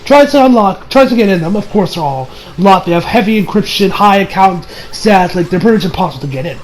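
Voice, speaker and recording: A young man giving a casual, excitable anime review, swearing and laughing often. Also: high voice, quick pace, a little hiss or hum.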